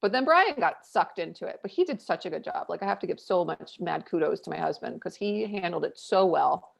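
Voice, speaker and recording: A woman in her thirties, a podcast co-host, telling a family story in casual chat, candid and animated with lots of fillers. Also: fairly low pitch, fairly quick, creaky. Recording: dull lo-fi audio.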